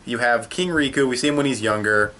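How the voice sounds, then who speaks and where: A man's voice: mid-range voice, a little fast, pushed and bright. A young man giving a casual, rambling video review, peppered with swearing and fillers. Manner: rambling and profane, with many fillers. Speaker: anime episode reviewer.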